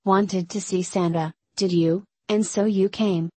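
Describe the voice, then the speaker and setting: A woman's voice: medium pitch, steady tone, a little slow, dark tone, slightly rough, no echo. A woman reading the part of a jolly, kindly old man, Santa Claus, in a storybook read-aloud, hearty and rollicking. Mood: kindly, hurried.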